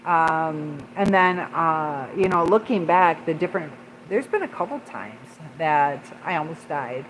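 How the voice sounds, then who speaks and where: A woman's voice: deep voice, lively intonation, a little hiss or hum, low-quality recording. Rambling woman chatting on a livestream. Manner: rambling, many fillers, pauses to read chat. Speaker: livestream host reading viewer comments. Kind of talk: casual livestream chat.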